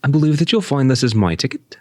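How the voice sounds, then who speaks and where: A man playing a courteous, formal gentleman. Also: medium pitch, expressive, quick pace, dry recording, clean studio sound, lightly acted.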